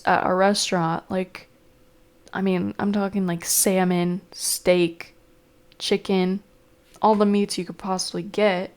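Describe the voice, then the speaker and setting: Young woman, casual vlog chat, rambling, lots of fillers, mid-pitched. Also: little pitch movement, slow pace, darkish tone. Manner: rambling, filler-heavy, chatty. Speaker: vlogger.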